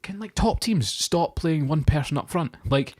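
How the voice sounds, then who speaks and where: A man from Scotland co-hosting a football podcast, opinionated and quick to joke. His pitch moves a lot, swinging up and down as he talks. He laughs easily through the chat. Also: animated, darkish tone. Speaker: podcast co-host.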